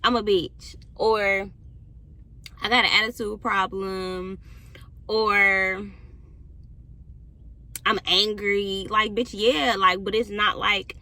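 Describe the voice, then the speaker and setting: Young woman talking aave, bright sharp voice, cussing a lot, quiet then heated. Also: mid-range voice, steady tone, unhurried. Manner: candid, heavy cursing, swings between quiet and heated. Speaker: podcast host. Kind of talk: casual monologue.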